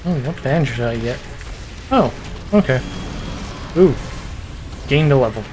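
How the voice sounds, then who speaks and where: A man's voice: mid-range voice, animated, measured pace, music in the background. A man chatting casually while streaming a video game, thinking aloud and restarting sentences. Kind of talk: casual gameplay commentary.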